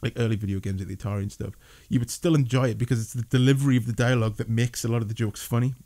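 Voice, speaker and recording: A man chats loosely about a film he reviewed, talking at a middling pitch. He wanders through his points with many fillers and restarts and laughs often. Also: steady tone, racing, warm tone. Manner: rambling, lots of 'like' and restarts, laughs often. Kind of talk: casual review chat.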